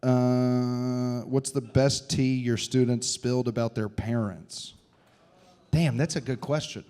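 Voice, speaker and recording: A man telling loud, profane, laughing stories on a comedy club stage into a handheld mic. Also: medium pitch, fairly even intonation, slow pace, clear, resonant tone. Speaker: comedian and teacher. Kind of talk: live comedy Q&A storytelling.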